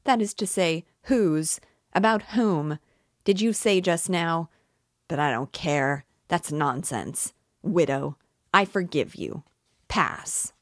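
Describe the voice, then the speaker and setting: A woman voicing a drunken, mocking male clerk, speaking in a loud, slow, slurred way while reading a novel aloud. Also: fairly low pitch, no echo, clean studio sound. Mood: jeering. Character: drunken, jeering male clerk, middle-aged.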